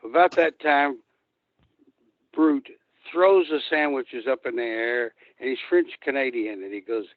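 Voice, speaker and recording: An older man, a guest wrestler, calls into a show by phone and tells rambling, profane stories from the road. His medium-pitched voice is steady and slow, on a dry, tinny phone line.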